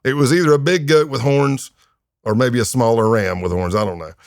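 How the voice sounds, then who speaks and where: A man's voice: medium pitch, brisk, no echo, clean studio sound. A man in his fifties, a retired undercover agent, telling his story casually as a podcast guest, with lots of fillers. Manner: animated, acts out quoted voices, many fillers.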